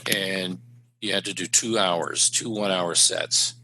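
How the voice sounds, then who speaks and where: A man's voice: low-pitched, fairly even intonation, a little slow, sharp tone, poor audio. A middle-aged man from Canada, a stand-up comedian telling wry road stories with punchlines in a casual chat. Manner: anecdotal, wry, with punchline delivery.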